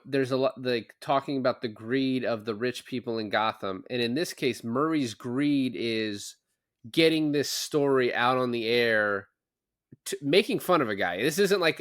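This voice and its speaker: A man on a podcast argues his reading of a film, building his point step by step in a relaxed, conversational way. His voice is an ordinary middle pitch. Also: normal speed. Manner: opinionated, builds arguments about the film. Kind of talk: casual film discussion chat.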